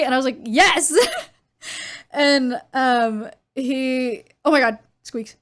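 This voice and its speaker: A young woman with a high, bright-pitched voice, chatting casually to her stream audience. She tells animated stories, acts out both sides of conversations, and often breaks into laughter. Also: takes it slowly. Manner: animated storytelling with laughs and quoted dialogue.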